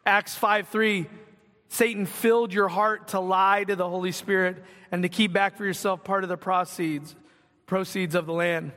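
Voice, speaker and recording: A man's voice: high-pitched, fairly even intonation, normal speed, fairly bright tone. A young man preaching a sermon in a church, in a conversational style with asides and acted-out quotes. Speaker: pastor. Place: church sanctuary. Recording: long reverb of a hall.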